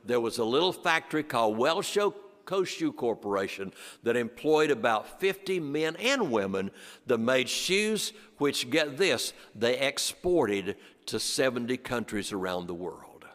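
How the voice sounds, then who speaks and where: An older man from western North Carolina, telling a story to an audience in rhythmic repetitions that sink low and soft on the refrains. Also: big pitch swings, unhurried. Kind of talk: storytelling performance. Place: church sanctuary before an audience. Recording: long church reverb.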